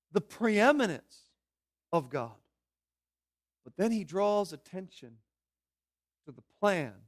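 A man preaching a sermon, pressing his points with slow, loud declarations and then dropping to quiet, low asides. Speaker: pastor.

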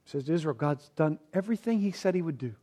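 A man preaching a sermon as pastor, rising to emphatic points and dropping to quiet, deliberate lines. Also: on the high side, animated. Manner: preaching with emphatic rises and quiet dramatic drops; slow, deliberate delivery with repeated words.

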